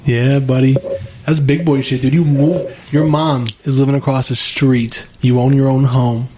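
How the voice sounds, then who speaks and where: A man's voice: mid-range voice, level tone, moderate pace, mellow. A young man hosting a podcast in a casual conversation, blunt and profane, saying "dude" a lot. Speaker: podcast host. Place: home basement studio.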